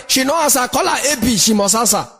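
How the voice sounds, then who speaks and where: High-pitched Nigerian man telling comic stories. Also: quick pace, slightly rough. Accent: Nigerian Pidgin English. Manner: animated, laughing, shouting punchlines. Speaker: stand-up comedian. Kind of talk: stand-up comedy storytelling. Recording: noisy recording.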